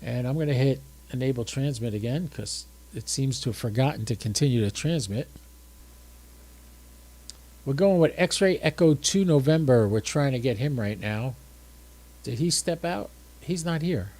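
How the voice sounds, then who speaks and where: A man's voice: medium pitch, normal speed, a little mellow, breathy edge. Tired man demonstrating his radio setup. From United States. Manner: chatty, thinks aloud while working the radio. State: drowsy and tired. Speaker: ham radio livestream host. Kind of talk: casual livestream demonstration.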